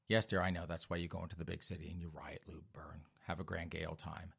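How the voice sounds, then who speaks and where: A man's voice: sits low, flat delivery, fast, creaky, a bit bright, husky, pitched below the performer's own voice, heavily acted. A man voicing a weary, exasperated middle-aged father in a comedy bit. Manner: dry, exasperated.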